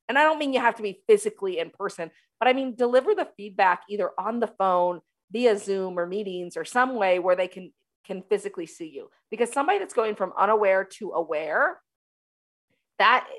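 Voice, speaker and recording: A woman hosting a leadership talk show, coaching listeners in an emphatic, energetic way and repeating her key phrases. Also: medium pitch. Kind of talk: solo talk show monologue.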